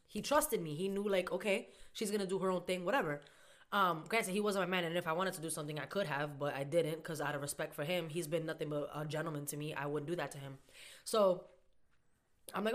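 Animated young woman telling a dating story. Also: fairly low pitch, fairly quick. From Boston area. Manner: animated, slangy, acts out both sides of conversations. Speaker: podcast co-host. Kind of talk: casual storytelling chat.

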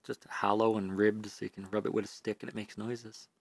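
A man's voice: fairly low pitch, little pitch movement, brisk, creaky, dry recording. A man co-hosting a podcast in casual chat, crude and joking in an offhand way. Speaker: podcast co-host.

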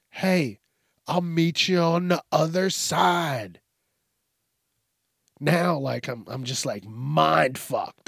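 A man's voice: fairly high pitch, slow, gravelly, dry recording, clean studio sound. A man hosting a casual, profane news commentary show, rambling and laid-back as he reacts to stories. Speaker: host.

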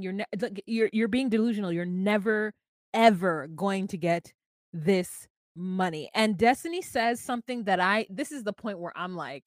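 A woman's voice: medium pitch, animated, moderate pace. A sassy woman co-hosting a podcast, tossing out blunt put-downs while she recaps reality TV. Her voice sounds close and dry, with no room echo. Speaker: podcast co-host. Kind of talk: casual reality-TV recap chat.

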